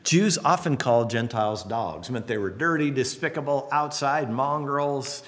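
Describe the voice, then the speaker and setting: A man preaching a sermon in an animated storytelling way, acting out the voices of people he quotes. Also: mid-range voice, moderate pace.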